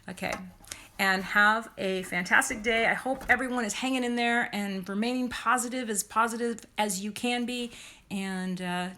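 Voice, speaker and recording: Bright, chatty woman on a phone livestream. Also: medium pitch. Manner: chatty, self-correcting, laughs at herself. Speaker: crafter and content creator. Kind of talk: casual live-stream chat. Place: dining room at home, indoors. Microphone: phone held by hand.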